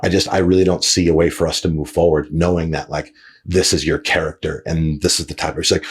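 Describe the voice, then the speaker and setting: A man's voice: very deep voice, little pitch movement, fairly quick, slightly rough. A man hosting a podcast, telling a story casually with lots of fillers, restarts and swearing. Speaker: podcast host.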